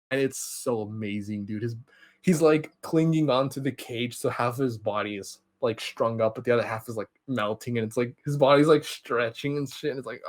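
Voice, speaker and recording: A young man hosting a podcast, giving an excited, rambling movie recap and acting out characters' lines. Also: medium pitch. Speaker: podcast host.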